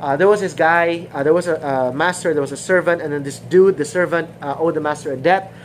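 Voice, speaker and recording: Woman Bible teacher, relaxed sermon delivery, repeats herself for emphasis, somewhat low voice. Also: brisk, slight background noise, rough recording. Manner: informal, repeats phrases, acts out quoted dialogue.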